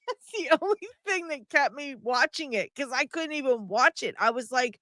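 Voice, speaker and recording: A woman hosting a casual video-call chat, talking in an animated, exclaiming way. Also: high-pitched, normal speed, dry recording, studio quality. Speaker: host.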